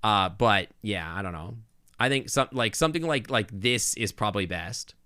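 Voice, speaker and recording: Man streaming live, bright and forceful tone, lively bouncy pitch, chatty with restarts, close mic. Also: normal speed, dry recording. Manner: chatty, thinking aloud with many restarts and asides. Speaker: game streamer. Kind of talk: casual live-stream chat with viewers. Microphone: desk microphone close up.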